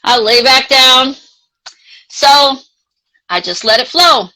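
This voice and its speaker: A woman life coach, a guest in a live interview, telling a personal story in a chatty, animated way, full of "like" and casual swearing. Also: sits high, slow pace, poor audio. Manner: chatty, animated, frequent filler "like", casually profane.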